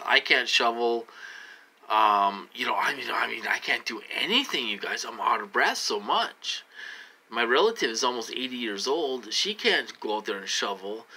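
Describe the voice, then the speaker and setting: Guy venting to his viewers, very sharp bright tone, keeps repeating himself, upset. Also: lowish voice. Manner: rambling and repetitive, many fillers; upset, growing agitated. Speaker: vlogger. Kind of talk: personal talk to camera.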